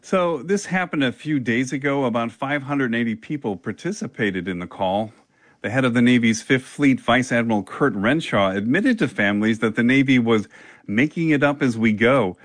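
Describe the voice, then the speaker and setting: A male reporter giving a measured news report in a plain, steady delivery. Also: medium pitch, no echo.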